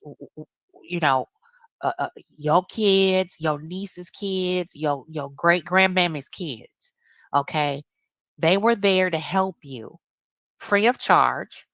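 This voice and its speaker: A woman's voice: low-pitched, fairly bright tone, dry recording. A woman delivering a blunt, indignant commentary rant, often repeating herself. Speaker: commentary streamer. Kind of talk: reaction rant.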